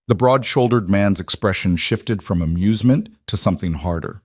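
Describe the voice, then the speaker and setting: Male narrator, low register, dead-dry booth sound; calm, measured storytelling. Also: no echo. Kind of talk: scripted narration.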